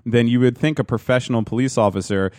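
A man's voice: mid-range voice, fast talker, a little mellow, no room sound, studio quality. A man giving sarcastic, profane commentary in a casual podcast chat.

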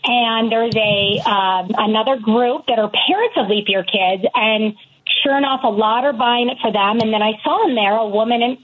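A woman on a radio talk show, talking about her book in long, loose, rambling explanations. Her voice is breathy and husky, set a little high. The sound comes through a dull, lo-fi line. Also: moderate pace. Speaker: guest author of a children's book.

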